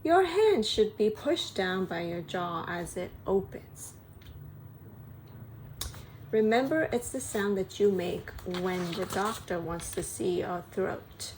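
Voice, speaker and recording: A woman pronunciation coach reads her lesson slowly and deliberately, drawing out each vowel. Her pitch sits at an ordinary middle level. A faint hiss of background noise runs under her voice. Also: expressive, darkish tone. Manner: reads English text slowly, then explains quickly in Japanese.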